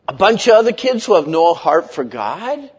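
A man in his fifties preaching a lively sermon, leading the congregation in call-and-response and acting out kids' complaints. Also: high-pitched, moderate pace, husky. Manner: animated, playful, acts out kids' voices. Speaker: pastor.

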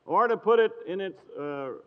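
A man preaching a sermon with a high voice, telling a scripture story at a measured pace and quoting old-fashioned scripture phrasing. The sound is dull and lo-fi, with a long hall reverb behind him. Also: lively intonation.

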